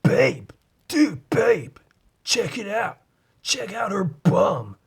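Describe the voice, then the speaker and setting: A man's voice: sits high, big pitch swings, extremely slow, gravelly, breathy edge, pitched above the performer's own voice, exaggerated voice. A man mocking a crude young American dude with an exaggerated, lewd delivery.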